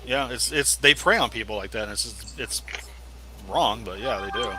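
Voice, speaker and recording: A man's voice: medium pitch, normal speed, bright, forceful tone, a little hiss or hum, low-quality recording. A man hosting a casual chat, telling stories and laughing as he mocks scam callers. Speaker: host.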